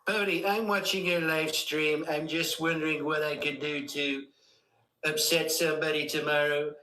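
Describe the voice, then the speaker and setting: A man's voice: a little high, level tone, normal speed, bright, forceful tone. A man doing an impression of a blustering, boastful US president who keeps saying "believe me.". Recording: roomy echoey recording.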